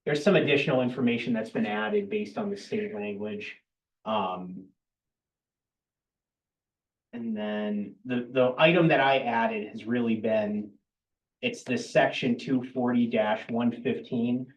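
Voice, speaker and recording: A man at a town board meeting explains regulation updates in a plain, matter-of-fact way. He is mid-pitched. He sounds roomy and some distance from the microphone. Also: measured pace. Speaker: town planning staff presenting at a board meeting.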